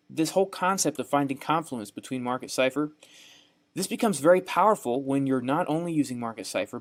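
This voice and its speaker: A young man with a Southern US accent, teaching a trading course over a screen share, folksy and repetitive, often checking in with "right?". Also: on the high side. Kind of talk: screen-share tutorial narration.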